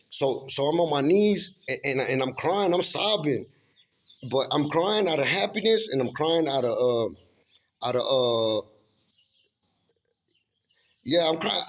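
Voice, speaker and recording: A man's voice: a little high, fairly bright tone, slight background noise. A man earnestly recounting a spiritual vision in casual, informal speech, full of restarts and repeated checks with the listener. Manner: earnest, rambling, many restarts and "you know what I'm saying"; emphatic, informal storytelling. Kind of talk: casual spoken testimony.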